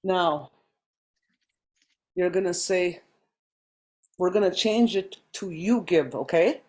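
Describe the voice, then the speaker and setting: A woman teaching a language class over a video call, explaining step by step with frequent pauses and ums. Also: fairly low pitch, darkish tone.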